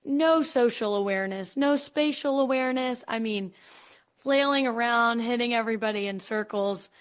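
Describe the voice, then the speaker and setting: Chatty young woman, bright high voice. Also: moderate pace. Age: young adult. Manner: chatty, animated storytelling with filler words. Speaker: podcast host. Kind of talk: casual conversational interview.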